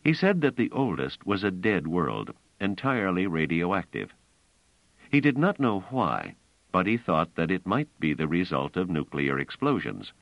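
A man voicing a persistent, probing man who questions in a measured way. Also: sits low, sing-song, gravelly, no echo, full character voice. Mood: reasoning. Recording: slightly dull, dry audiobook recording.

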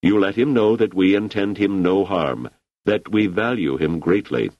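A man's voice: sits low, a little mellow, no echo, exaggerated voice. A man reading an audiobook, voicing a persuasive male political recruiter who speaks in a reassuring way. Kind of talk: audiobook character voice. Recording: slightly muffled lo-fi recording.

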